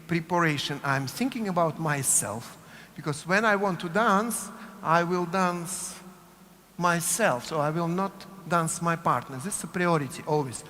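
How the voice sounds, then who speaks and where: A man's voice: a little high, a little slow, bright, forceful tone. A man with a Russian accent teaching a dance workshop, chanting cue words in rhythm and checking in with "yes?" as he goes. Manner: coaching rhythmically, repeats cue words, asks "yes?" often. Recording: long hall reverb, faint room noise.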